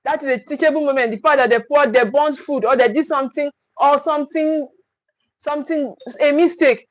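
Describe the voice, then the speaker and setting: A high-pitched woman coaches parents in an earnest livestream talk. She repeats key phrases for emphasis and slips into the voices of scolding parents. The sound is dry and close, with no room echo. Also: brisk.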